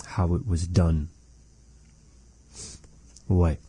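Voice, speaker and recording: Low dark-voiced guy teaching a language slow and patient, dry close sound. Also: flat delivery, breathy edge, no room sound. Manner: slow, patient, repeats phrases for practice. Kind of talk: language lesson conversation.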